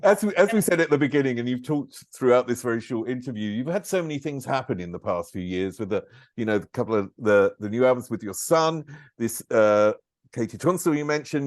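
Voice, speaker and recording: A man's voice: mid-range voice, no echo, studio quality. A man hosting an interview, who asks long, rambling questions and laughs lightly. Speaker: interviewer, host.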